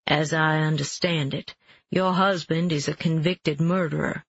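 A reader voicing a calm male police officer who questions in a dry, measured way. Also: a little high, gravelly, breathy edge, lo-fi sound, exaggerated voice.

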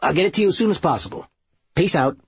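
Serge, a manic, brash schemer from an audiobook, played by a man. His voice is very husky, jumps around in pitch and races along, and the recording is dry and a bit dull. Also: expressive, fast, no echo, full character voice. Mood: excitable.

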